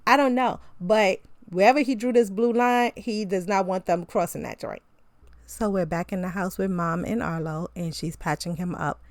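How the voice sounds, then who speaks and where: A young woman casually recapping TV episodes as a reviewer, chatty and animated, with slangy asides. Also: medium pitch, normal speed, no room sound. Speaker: TV show reviewer.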